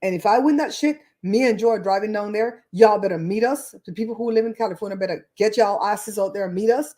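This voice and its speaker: A woman's voice: medium pitch, fast, dark tone. A woman in her fifties, originally from Belize, hosting a casual livestream chat in a blunt, candid, cussing way. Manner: blunt, profane, candid storytelling. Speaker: host.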